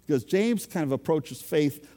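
A man's voice: fairly high pitch, expressive, moderate pace, warm tone, in a large hall. A man preaching a sermon as a pastor, in a conversational, self-deprecating way.

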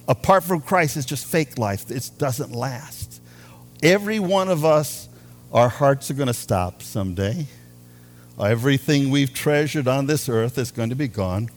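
Animated, slow-paced male preacher. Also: medium pitch, faint music behind. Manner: animated preaching, drawn-out emphasis on key words. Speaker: pastor. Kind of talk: sermon.

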